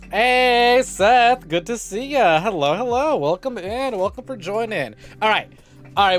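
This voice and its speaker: High-voiced swearing streamer greeting chat. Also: male voice, a bit bright. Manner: greets chat repeatedly, swears freely, jokey rambling. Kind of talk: casual live-stream chat. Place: home streaming setup.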